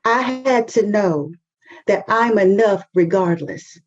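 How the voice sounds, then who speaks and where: In her fifties and from North Carolina, this woman speaks slowly at medium pitch over a lo-fi recording. As a guest on a podcast interview, she talks with fervent, emphatic conviction, repeating phrases for effect.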